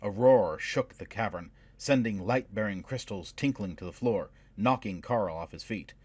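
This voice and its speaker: A man reading a fantasy novel aloud in measured, dramatic scripted narration. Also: fairly low pitch, a little mellow, husky, dry recording. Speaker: audiobook narrator.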